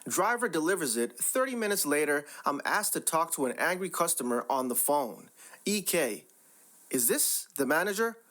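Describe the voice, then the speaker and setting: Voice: medium pitch, big pitch swings, moderate pace, a bit bright. A story narrator reading online posts aloud in a wry, exasperated tone.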